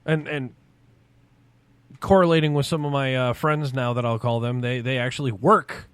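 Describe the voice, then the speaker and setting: A man in his forties, a podcast host, telling a story in casual, profane chat, animated and loud at the big moments. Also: medium pitch, normal speed, clear, resonant tone, no echo.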